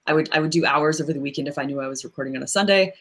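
Low-voiced woman voice actress. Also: very fast. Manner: thoughtful, explains at length with frequent fillers. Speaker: voice actress guest. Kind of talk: casual interview chat.

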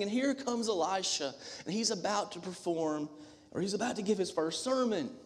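A man preaching a sermon as the church's minister, earnest and emphatic, with dramatic pauses. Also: sits high, lively intonation. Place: church sanctuary. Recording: long hall reverb.

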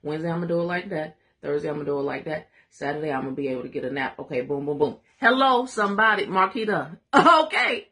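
A woman runs a live Bible study with energetic call-and-response preaching, laughing and throwing asides to her viewers. Her voice is deep, and she talks fast with few pauses.

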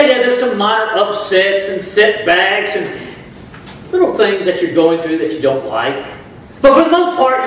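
In a church sanctuary, a man with a high-pitched voice preaches as pastor, building to emphatic bursts and drawing call-and-response from the congregation. The sound is distant and echoey, and a little background noise comes through.

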